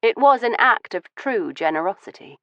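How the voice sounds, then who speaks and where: A woman narrating a first-person audiobook in a composed, measured way. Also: on the high side, animated, no room sound. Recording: dull, dry studio audio.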